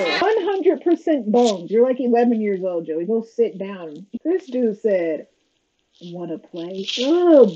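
A woman's voice: on the high side, dark tone. A woman hosting a casual watch-along, giving sarcastic, exasperated running commentary. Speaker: reaction video host. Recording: slightly dull lo-fi audio with faint noise.

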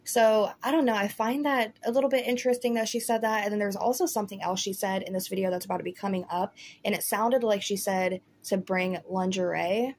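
A woman's voice: medium pitch, fairly even intonation, fast, few pauses, a little hiss or hum. Chatty woman rambling through commentary. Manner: chatty, rambling, lots of "like" and "you know". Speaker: commentary host. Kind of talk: casual commentary vlog.

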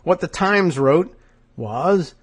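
A man's voice: on the high side, animated, slow, husky. Sardonic man with a stuffed nose. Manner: sardonic, reads quotes aloud with asides. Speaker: podcast host. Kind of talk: political commentary.

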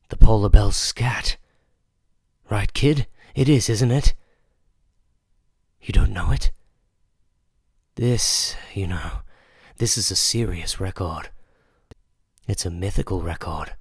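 Record-obsessed cafe owner in a horror storybook, hushed, conspiratorial, deep and dry-sounding, as a man voices him. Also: slightly rough, no room sound, full character voice. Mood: enthused. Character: older male jazz cafe owner, obsessive music buff.

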